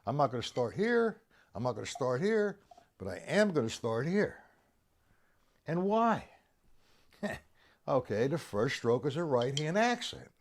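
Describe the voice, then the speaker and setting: A man's voice: mid-range voice, very animated, unhurried, pauses often, a little hiss or hum. A middle-aged man teaching a live-streamed drum lesson, explaining to viewers and addressing them by name.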